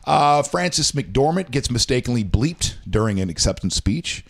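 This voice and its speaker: A man's voice: medium pitch, expressive, normal speed, vocal fry. A man co-hosting a casual talk show, rambling and reading news items aloud with his own asides. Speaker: show co-host. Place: home.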